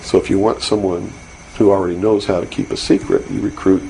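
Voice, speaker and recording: A man's voice: low voice, steady tone, brisk, vocal fry, warm tone, poor audio. A man as an interview guest, speaking earnestly and insistently, with many fillers and restarts. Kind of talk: recorded interview. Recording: faint hiss from an old 1992 interview tape.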